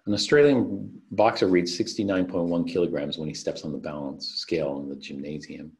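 Over a video call's computer mic, a man delivers a recorded online chemistry lesson on unit conversions. His voice is low-pitched and darkish with a steady tone, and he moves briskly. He stays methodical, going through each worked problem step by step.

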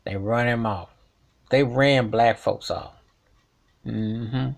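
A man's voice: mid-range voice, slow, gravelly. A man delivering an emphatic, repetitive rant in colloquial speech, commenting as a vlogger. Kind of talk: ranting commentary.

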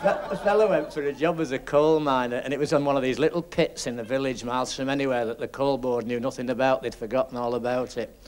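A man doing stand-up on a 1970s TV show, telling a joke in a low, steady, dry way. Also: quick pace, few pauses, a little hiss or hum. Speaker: stand-up comedian. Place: TV studio stage with audience.

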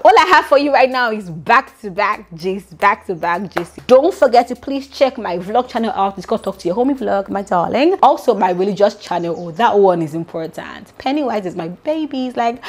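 A woman's voice: medium pitch, warm tone. A Nigerian woman hosting a gossip vlog, chatting animatedly and dropping into pidgin asides. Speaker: gossip vlogger. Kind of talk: casual gossip chat.

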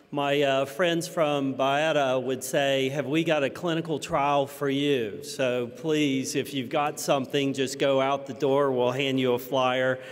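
A man with a cold giving a conference keynote, his voice deep and husky, measured, listing his points. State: hoarse from a cold. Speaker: keynote speaker. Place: large conference hall. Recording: long reverb of a conference hall.

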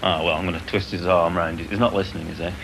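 A man's voice: sits low, steady tone, fast, vocal fry. A man, a would-be wrestler answering questions in an earnest, hesitant way. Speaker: novice wrestler. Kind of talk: documentary interview. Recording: noisy archive documentary sound.

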